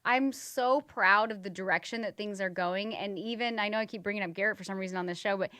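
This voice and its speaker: A woman's voice: mid-range voice, fast talker, pushed and bright, no room sound, studio quality. A young adult woman co-hosting a podcast in casual chat, laughing often as she retells conversations. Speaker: podcast co-host.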